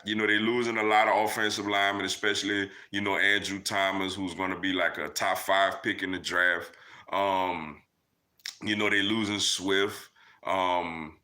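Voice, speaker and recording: A man's voice: deep voice, sharp tone. Laid-back man hosting a live chat. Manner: loose and conversational, many fillers like "man" and "yo". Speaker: livestream host answering chat.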